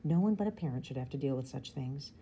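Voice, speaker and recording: A woman reading aloud and voicing a brisk, practical mother of two girls. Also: very deep voice, expressive, warm tone, slight background noise. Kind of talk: storybook read-aloud.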